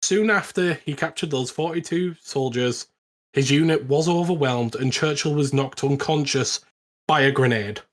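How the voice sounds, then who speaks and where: A British man co-hosting a podcast, telling a history story in casual, animated chat with frequent laughs. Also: a little high, moderate pace. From Britain. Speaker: podcast co-host.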